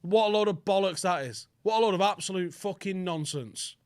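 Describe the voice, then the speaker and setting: A man's voice: sits high, brisk, clean tone, no echo, studio quality. A young man hosting a football fan vlog, ranting in an angry, sweary, emphatic way. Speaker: football fan channel host.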